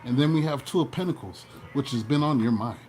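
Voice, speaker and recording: A man giving a casual tarot reading, playful and animated, breaking into joking mock voices. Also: medium pitch, a little fast. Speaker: tarot reader.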